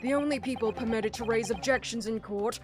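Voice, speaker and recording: A woman's voice: a little high, lightly acted. A woman reading a haughty, condescending male prosecutor. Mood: disdainful. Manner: measured, condescending.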